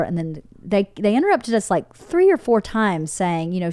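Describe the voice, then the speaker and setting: A middle-aged woman hosting a podcast, telling a story with animated quoted voices and casual swearing. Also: medium pitch, brisk, hardly any pauses, dry recording. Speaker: podcast host.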